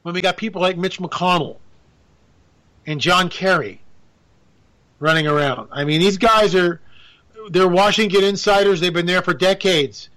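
A man's voice: high voice, moderate pace, pauses often, a bit bright, rough recording. A man giving a rambling, sarcastic political monologue, now and then mimicking politicians. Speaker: political commentator. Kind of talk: casual monologue.

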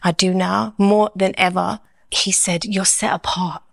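A woman tells her personal story of faith in a lively storytelling way. She often slips into quoting her own past thoughts, which makes the telling vivid. Her voice sits at an ordinary middle pitch for a woman. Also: a little slow, gravelly.

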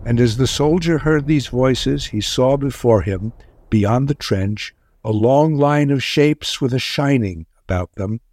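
A man's voice: mid-range voice, a little slow, darkish tone, no room sound. Man narrating a war story, dry sound.

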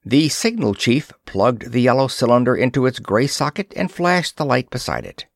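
A man narrating a pulp science-fiction story in an expressive reading style. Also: medium pitch, normal speed, hardly any pauses, no room sound, clean studio sound. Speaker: audiobook narrator. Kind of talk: scripted narration.

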